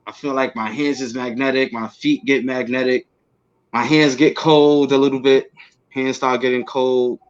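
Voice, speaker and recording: A man's voice: mid-range voice, smooth. A man being interviewed, telling a personal story casually and acting out what he said back then with bursts of energy and laughs. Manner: animated, acts out his own past words with quick bursts and laughs. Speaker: interview guest. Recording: slightly dull lo-fi audio.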